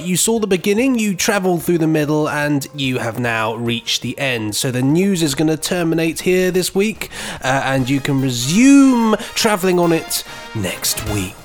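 Lively, jokey podcast co-host. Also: male voice, fairly high pitch. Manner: jokey, sing-song, hams it up. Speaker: podcast co-host reading news. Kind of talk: casual podcast chat.

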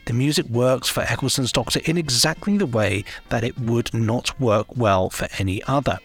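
A man's voice: mid-range voice, moderate pace, faint music behind. A man co-hosting a podcast, talking in an enthusiastic, rambling, chatty way. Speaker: podcast co-host. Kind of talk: casual chat.

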